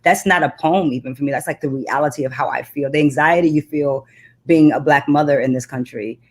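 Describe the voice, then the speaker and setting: A woman's voice: deep voice, brisk. A woman poet who recites spoken-word poetry with repeated refrains, then talks earnestly and reflectively as an interview guest. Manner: earnest, reflective conversational talk.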